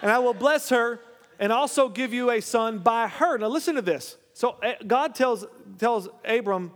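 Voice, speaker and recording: A man's voice: very high-pitched, moderate pace. A male pastor preaching a sermon, reading scripture aloud and then commenting, often checking in with the congregation. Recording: long hall reverb.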